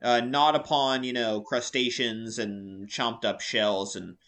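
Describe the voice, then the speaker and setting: Bright-voiced man running a tabletop game. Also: medium pitch, fairly even intonation, takes it slowly. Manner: hesitant, filler-heavy, joking. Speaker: game master.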